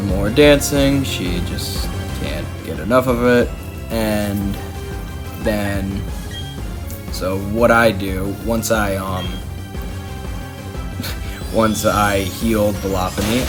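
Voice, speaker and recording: A man narrating his own gameplay in a chatty, rambling, self-deprecating way. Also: on the low side. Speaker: game video host. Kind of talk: gameplay commentary voice-over. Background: background music.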